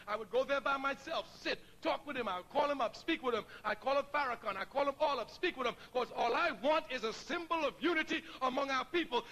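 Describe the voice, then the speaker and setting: High, bright-voiced man giving a speech. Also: slight background noise. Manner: emphatic, preacherly storyteller. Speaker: speaker addressing an audience. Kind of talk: public speech with storytelling.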